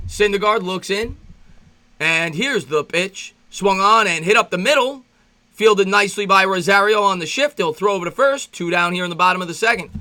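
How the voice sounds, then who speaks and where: A man with a high, bright, ringing voice calls a game pitch by pitch like an amateur broadcaster. He rambles between plays, greets his viewers and gets worked up, his voice leaping up when excited. His asides run on loosely. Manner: excitable, voice jumps up when reminiscing. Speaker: fan play-by-play host. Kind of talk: amateur play-by-play commentary with reaction.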